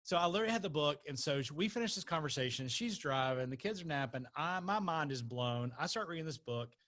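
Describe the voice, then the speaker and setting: A man from North Carolina, a podcast guest, telling his story in an animated way and laughing as he talks. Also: a little high, quick pace. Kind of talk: conversational storytelling.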